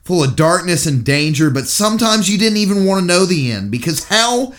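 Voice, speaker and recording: Guy putting on an earnest hobbit, fake english accent, higher and louder than his own voice. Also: big pitch swings. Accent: put-on English. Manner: heartfelt recited monologue, halting. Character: loyal earnest young male hobbit gardener.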